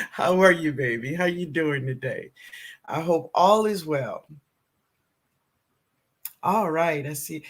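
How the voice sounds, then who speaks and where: A woman with a New Orleans accent hosting a casual livestream, greeting viewers warmly and chatting with frequent laughs. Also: fairly low pitch. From southern United States. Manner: warm, chatty, calls viewers baby, laughs often. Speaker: gardening livestream host. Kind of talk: casual live-stream chat greeting viewers.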